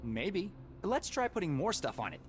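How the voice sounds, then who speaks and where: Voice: mid-range voice, big pitch swings, normal speed, faint music behind, lightly acted. Someone doing a chatty curious kid explorer, voice bouncing all over the place. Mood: eager. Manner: eager, chatty. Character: curious, brave boy adventurer.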